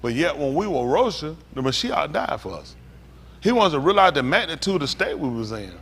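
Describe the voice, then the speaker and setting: A pastor preaching a sermon, reading scripture aloud slowly and commenting between verses, calling out to the congregation. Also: male voice, on the high side, sing-song, a bit bright, husky. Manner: call-and-response preaching, rising to emphatic exclaims.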